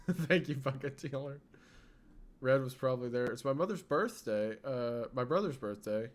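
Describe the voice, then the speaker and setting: A man streaming, talking to his chat in a loose, rambling way with a faint Southern US lilt. His voice sits at an everyday middle pitch, and he often stops and restarts his sentences. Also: moderate pace. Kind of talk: casual livestream chat.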